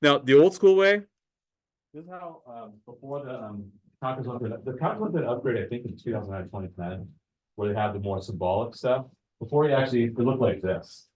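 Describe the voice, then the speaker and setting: A man teaching a high school math class in a casual lecture, talking the students through calculator steps. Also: lively intonation, a little fast, darkish tone, breathy edge, rough recording. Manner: casual, talks to students as guys, thinks aloud with fillers.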